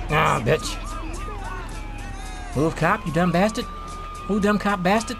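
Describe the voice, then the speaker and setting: A young man giving casual gameplay commentary as a streamer, excitable and profane, with yelping outbursts. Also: on the high side, slow pace, gravelly, pauses often, over music. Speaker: gaming streamer.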